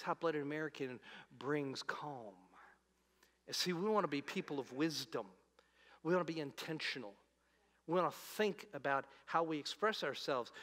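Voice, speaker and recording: A male pastor preaching in a church auditorium with a high, bright, forceful voice. He swings from loud, emphatic points down to soft, low asides. The hall's long reverb trails after every phrase. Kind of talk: sermon.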